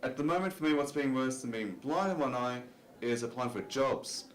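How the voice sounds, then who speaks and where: A man's voice: mid-range voice, normal speed. Chatty stand-up comic man in a club. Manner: conversational, self-deprecating, lots of "you know" fillers. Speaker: stand-up comedian. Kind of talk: stand-up comedy set. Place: comedy club stage with audience. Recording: roomy club recording.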